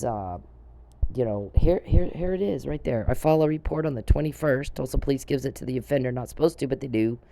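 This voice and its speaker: A woman's voice: low-pitched, dark tone, slight background noise. Sarcastic, profane middle-aged woman ranting. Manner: confrontational, sarcastic, profane, full of rhetorical questions. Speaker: vlogger. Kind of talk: angry monologue to camera.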